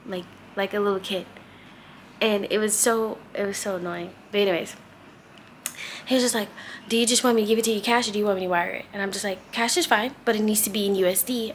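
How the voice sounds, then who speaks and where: A woman's voice: mid-range voice, a bit bright, slight background noise. A young woman vlogger telling a casual, exasperated story, acting out quoted dialogue. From United States. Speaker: travel vlogger.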